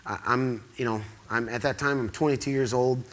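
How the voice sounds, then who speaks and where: His medium-pitched voice moves briskly as this Quad Cities man, from the US Midwest, entertains a live theatre audience at an awards event. The story rambles, he gets excitable, and he performs each line of quoted dialogue himself.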